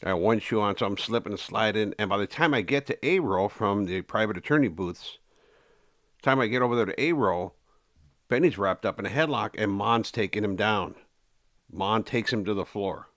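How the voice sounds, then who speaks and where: Give me a man with a lowish voice, casually recounting his own story in an interview, full of fillers and restarts. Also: normal speed, fairly bright tone. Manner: rambling, many fillers and restarts.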